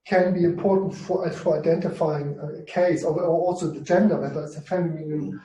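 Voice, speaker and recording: A man teaching Greek to a class, explaining rules in halting phrases and often repeating himself. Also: a little high, fairly even intonation, mellow. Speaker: Greek lecturer. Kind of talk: university class discussion. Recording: roomy, distant mic.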